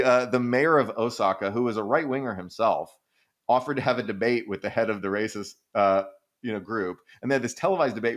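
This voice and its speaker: A man co-hosting a podcast, chatting casually and rambling through stories full of "like," casual swearing and laughs. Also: medium pitch. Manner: rambling, animated storytelling with frequent "like" and casual swearing; acts out quoted people in exaggerated voices, laughs often. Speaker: podcast co-host answering listener questions.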